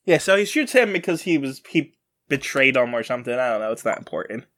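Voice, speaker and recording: A man's voice: mid-range voice, very animated, fast, a bit bright. A man hosting a casual podcast chat, rambling through a comic plot summary and correcting himself as he goes. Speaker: podcast host recapping a comic.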